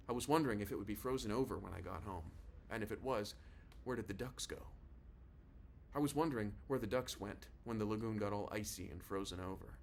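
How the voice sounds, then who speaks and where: A man's voice: on the low side, slight background noise. Man reading a novel in first person. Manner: casual, confiding storytelling. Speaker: audiobook narrator.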